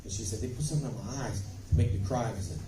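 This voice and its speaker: A man telling stories as a guest on a convention panel, in an animated, emphatic way with bursts of volume, recorded on a phone from the audience. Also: mid-range voice, rapid-fire, noisy background. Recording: echoey hall, phone from far off.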